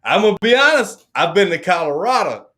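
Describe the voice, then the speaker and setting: A man from Alabama with a Southern accent, chatting loudly and laughing a lot on a casual live stream. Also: high voice, big pitch swings, a little fast. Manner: loud, laughing, hyped-up interjections. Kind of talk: casual chat.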